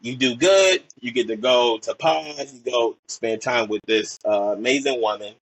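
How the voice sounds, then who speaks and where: A man's voice: medium pitch, moderate pace, fairly bright tone, slightly rough, no room sound, poor audio. A young man from Portland, Oregon, a podcast guest telling stories in a rambling way, full of fillers and acted-out quotes. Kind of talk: casual storytelling chat.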